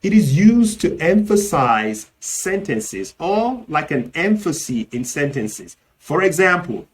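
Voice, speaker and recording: A man hosting a scripted lesson on Pidgin, speaking slowly and deliberately with lively exclamations. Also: on the high side. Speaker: host teaching Nigerian Pidgin.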